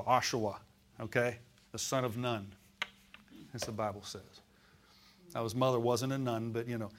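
Older guy preaching, chatty and folksy, gets loud and punchy on the bible quotes. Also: mid-range voice. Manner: folksy, digressive, rises to loud emphatic scripture quotes. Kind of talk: sermon.

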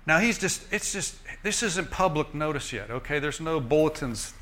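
A man preaching a sermon in a lively, folksy way, joking and asking the crowd "Amen?". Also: fairly high pitch, normal speed, slight background noise.

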